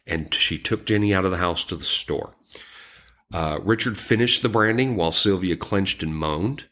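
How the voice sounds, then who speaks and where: A man with a low voice narrates a true crime case for a podcast. He speaks somberly and haltingly, pausing on ums and restarting his sentences. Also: a bit bright. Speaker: podcast co-host. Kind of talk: recounting a true crime story.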